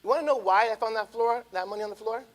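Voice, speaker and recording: A pastor in his thirties preaches a sermon in a high, rapid-fire voice, telling a family story. He swings from quiet asides to loud, rising appeals.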